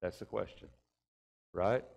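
Low, unhurried, and gravelly with a slightly mellow quality, this man's voice carries through a reverberant church as he runs a conversational Bible class. Folksy throughout, he often caps his points with rhetorical tags like "right?" or "didn't he?".

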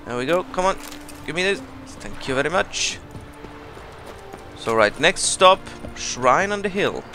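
A man hosting a let's play, giving casual commentary full of excited exclamations and rambling asides. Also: fairly high pitch, measured pace. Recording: commentary over loud game music. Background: game music.

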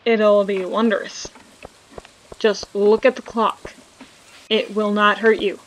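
A woman's voice: mid-range voice, flat delivery, takes it slowly, slight background noise, rough recording. A woman hosting a casual let's play, chatting and joking with viewers as she plays. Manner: reads game dialogue aloud. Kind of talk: casual gameplay commentary.

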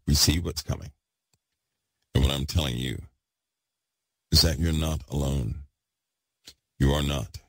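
A man preaching with great excitement, repeating himself for emphasis and swinging from loud bursts to hushed asides. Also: a bass voice, vocal fry, slightly rough, dry recording. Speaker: podcast host preaching. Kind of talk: impassioned preaching.

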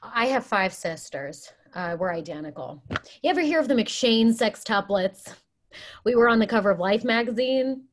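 A woman's voice: fairly high pitch, lively intonation, normal speed. A woman voicing a tactless, chatty woman who counsels couples, read over a video call. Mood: gossipy. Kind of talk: Zoom play reading.

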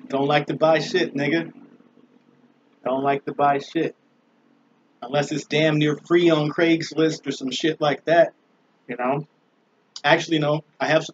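A man hosting his own vlog, ranting casually in a loose, profane, laughing way. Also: a little high. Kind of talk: casual rambling rant. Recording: dull lo-fi with faint noise.

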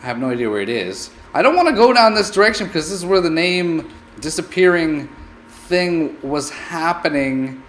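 Guy doing game commentary, kinda high voice, super swoopy, fake-panicky and goofy. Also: sing-song, moderate pace, fairly bright tone, a little hiss or hum. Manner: playfully melodramatic, mock-scared exclamations. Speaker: gaming channel host. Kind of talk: let's play commentary.

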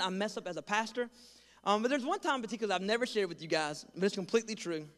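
A young man preaching as a pastor, telling a funny story and acting out voices with lively, self-deprecating energy. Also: high voice, long reverb tail. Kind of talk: storytelling sermon. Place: large church hall.

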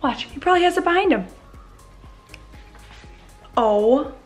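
This woman in her twenties has a high, animated voice and speaks a little slowly over soft background music. In a casual home vlog, she playfully addresses her viewers and baby-talks to her puppy.

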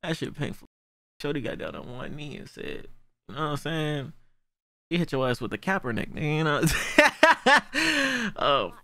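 A man reacting to a cartoon episode, excitable and profane, shouting out his reactions as he watches. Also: fairly high pitch, moderate pace, no room sound. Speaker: reaction video host. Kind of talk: casual cartoon reaction commentary.

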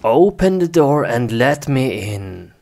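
A man's voice: mid-range voice, sing-song, slow, gravelly, full character voice. A man voicing a big bad wolf who blusters threats and turns to whiny begging. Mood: menacing. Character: big bad male wolf, pushy but cowardly. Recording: noisy amateur recording.

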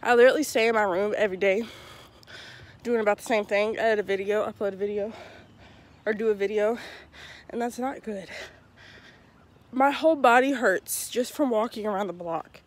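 A woman's voice: medium pitch, normal speed, long pauses. Breathless young woman vlogging on a walk. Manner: chatty, self-deprecating, rambling. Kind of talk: casual walking vlog. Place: outdoors walking around a neighborhood. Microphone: handheld phone at arm's length.

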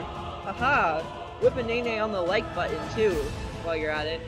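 Young male gaming creator, high-pitched, excitable let's play commentary, faint game music behind. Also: moderate pace. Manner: excitable, yelps and cheers at game events, rambling asides. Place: at a desk at home.

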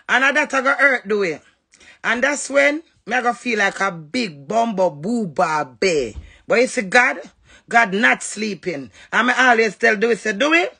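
A woman's voice: on the high side, vocal fry, pushed and bright, slightly rough. A woman with a Jamaican accent, cussing and scolding in a confrontational livestream rant. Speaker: social media livestreamer.

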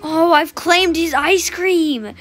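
Female gamer, high-pitched, slow-paced, playful commentary full of gasps and squeals. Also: heavy background noise. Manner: excitable, playful, gasping and squealing. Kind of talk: casual gameplay commentary.

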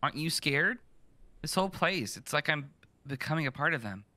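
A frightened tenant in a horror game, stammering and nervous, as a man voices him. The voice is very bright and swings up and down, recorded close and dry. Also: on the high side, animated, fairly quick, no echo, voice pushed up. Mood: scared. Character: frightened tenant in a trash-filled building.

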